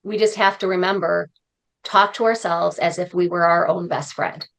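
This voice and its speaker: A woman's voice: lowish voice, steady tone, normal speed, vocal fry, a bit bright. A woman speaking as a podcast guest, talking in an earnest, heartfelt and encouraging way. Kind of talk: conversational interview.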